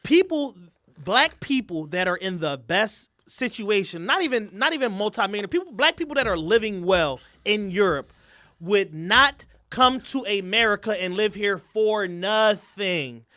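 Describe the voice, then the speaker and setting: A man's voice: high voice, animated, normal speed, pushed and bright, no room sound. A man co-hosting a podcast, making emphatic arguments in casual, profane slang. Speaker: podcast co-host. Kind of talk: casual chat.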